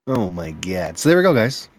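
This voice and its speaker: Man, casual banter, playful joker with a lively, swinging pitch. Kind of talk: casual chat.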